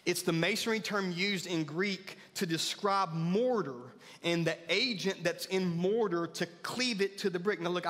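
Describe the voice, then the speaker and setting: High-voiced pastor preaching in a hall. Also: male voice, a bit bright. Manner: earnest, rising to emphatic peaks. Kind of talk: sermon. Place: church sanctuary. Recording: church hall reverb with faint music.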